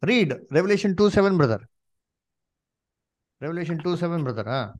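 Preacher guy, kinda high voice, keeps saying "you see", pushy questions. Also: sing-song, fairly quick. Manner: emphatic, rhetorical questions, frequent "you see". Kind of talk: sermon.

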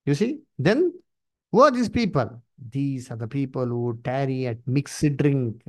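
A man preaching at a Bible study, emphatic and repetitive, swinging his pitch up and down. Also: expressive, unhurried, a little mellow. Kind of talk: sermon with Bible reading.

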